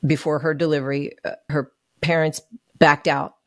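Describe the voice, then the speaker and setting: A woman's voice: low voice, flat delivery, moderate pace, no echo, studio quality. A woman guest on a podcast, sharing a hard personal story in an earnest, emotional way. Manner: earnest, emotional, acts out what others said. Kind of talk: candid personal story in an interview.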